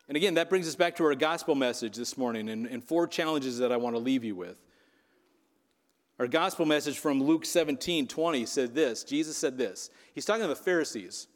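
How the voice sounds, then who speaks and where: A man's voice: a little high, long reverb tail. A man preaching a sermon as pastor, in a conversational way that keeps checking in with the congregation. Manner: conversational, keeps asking "right?".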